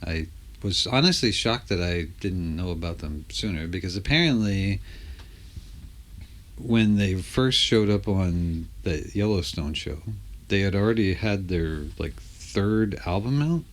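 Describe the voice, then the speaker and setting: A man's voice: low-pitched, expressive, measured pace. A man co-hosting a podcast in casual chat, enthusiastic about bands and blunt with his opinions. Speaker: podcast co-host.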